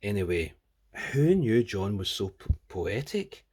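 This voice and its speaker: A man's voice: fairly low pitch, sing-song, measured pace, a little mellow, breathy edge. A man casually reviewing a comic book, rambling and crude with plenty of jokes.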